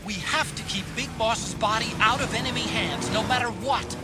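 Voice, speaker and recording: A man's voice: very high-pitched, moderate pace. A man voicing a young male support operator in a game, giving urgent briefings. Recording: loud game music behind.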